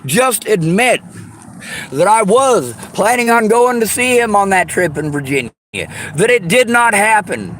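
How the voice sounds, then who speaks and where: A man's voice: high-pitched, fairly bright tone, a little hiss or hum, poor audio. A man in an angry personal rant, swearing heavily and lashing out with bitter sarcasm.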